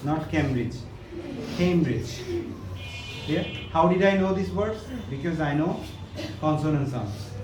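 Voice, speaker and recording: A man from Bangladesh teaching English pronunciation in a classroom, saying words slowly one at a time and repeating them. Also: on the high side. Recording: echoey classroom, distant mic, noisy.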